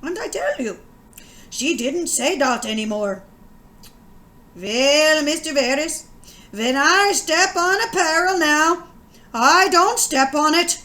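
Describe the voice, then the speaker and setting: A woman's voice: sits high, expressive, slow pace, long pauses, bright, forceful tone, full character voice. A woman reading aloud as a bumbling old immigrant farmer who tells a comic tale in broken dialect English. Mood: telling a tale.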